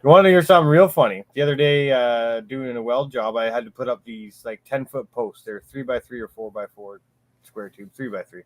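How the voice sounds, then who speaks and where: A man's voice: mid-range voice, fairly even intonation, moderate pace, no echo. Man for a casual chat show, swears freely, laughs through his stories, dry close sound. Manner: profane, laughing storyteller. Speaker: podcast panelist.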